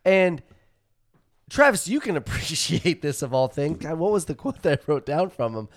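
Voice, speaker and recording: A man's voice: a little high, normal speed, no room sound, studio quality. A man chatting casually as a podcast co-host, retelling movie scenes with laughs and acted-out lines. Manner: animated, laughing storyteller acting out movie scenes. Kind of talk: casual chat.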